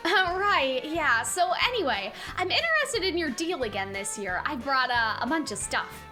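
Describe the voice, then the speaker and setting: Casual woman streamer, very high, animated voice. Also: moderate pace, few pauses, faint music behind. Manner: chatty, giggly, thinking aloud. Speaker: streamer reacting to a game. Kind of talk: casual reaction commentary.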